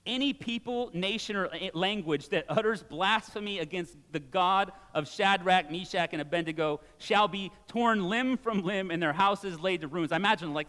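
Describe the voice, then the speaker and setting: A man in his forties preaching a sermon in a church, conversational and animated, with casual asides. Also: high voice, normal speed, few pauses, in a large hall. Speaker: pastor. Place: church sanctuary.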